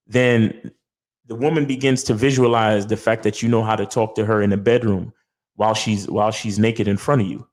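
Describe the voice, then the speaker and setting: A male host talks into a studio mic, handing out casual dating advice in a profane, repetitive style and constantly asking "you understand?" His voice sits in the mid range with a darkish tone.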